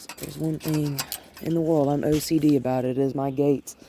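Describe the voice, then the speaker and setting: A woman dog trainer talks through a hands-on session outdoors, her voice mellow and warm. She moves between soft, coaxing praise and plain explanation, with faint background noise around her. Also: deep voice, steady tone, moderate pace. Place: outdoors by her front yard and gate.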